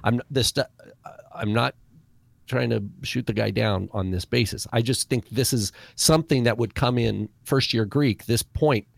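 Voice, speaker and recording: Gravelly man with a dry, close sound. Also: mid-range voice, no room sound. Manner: careful, corrective, halting. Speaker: Greek teacher, co-host. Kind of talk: casual discussion.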